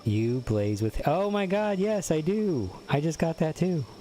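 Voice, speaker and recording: A man's voice: a little high, lively intonation, a little slow, mellow, slight background noise. A young man streaming a game, chatting casually and teasing his viewers as he reads their messages aloud. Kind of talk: casual gameplay commentary.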